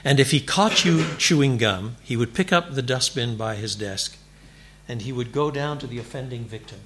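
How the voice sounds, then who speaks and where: Give me a male preacher with a bright, forward voice, delivering an animated sermon in a church. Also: mid-range voice, moderate pace, slight background noise. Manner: animated, building to emphatic repeated declarations. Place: church before a congregation.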